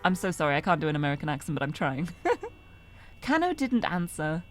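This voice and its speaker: A woman's voice: lowish voice, sing-song, normal speed, pauses often, soft background music. A woman streamer reading a story game aloud, narrating expressively and breaking off to laugh and comment.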